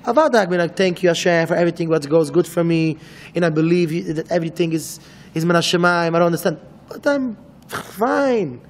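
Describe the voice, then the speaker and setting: Rabbi, high voice, halting and repetitive, long reverberant hall. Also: male voice, lively intonation. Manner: halting and repetitive, acts out back-and-forth dialogues. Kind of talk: Torah lecture in English.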